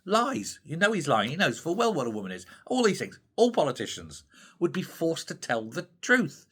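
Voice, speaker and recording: A man's voice: on the high side, very animated, brisk, fairly bright tone, breathy edge. An older British man hosting his own opinion channel, ranting in an indignant, scornful way. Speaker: commentary channel host. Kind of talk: opinionated solo commentary.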